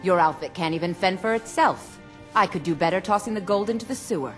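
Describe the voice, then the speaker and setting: An actress playing a stubborn, indebted innkeeper in a video game, talking in a defiant, exasperated manner. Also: female voice, lowish voice, quick pace, close to an everyday voice. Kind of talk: video game character dialogue. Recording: game audio with faint music.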